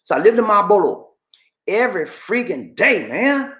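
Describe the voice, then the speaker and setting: A man's voice: sits high, sing-song, normal speed, pushed and bright. Male streamer, blunt and preachy, roomy echo. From Georgia, USA. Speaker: livestream host. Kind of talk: casual livestream chat. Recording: echoey room.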